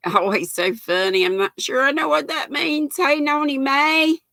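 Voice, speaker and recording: An older Southern woman from North Carolina hosts a live stream, chatting in an unhurried, folksy way and greeting viewers by name. Her voice is bright with a gravelly edge, recorded close and dry. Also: high-pitched, dry recording. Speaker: livestream host. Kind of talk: casual live-stream chat.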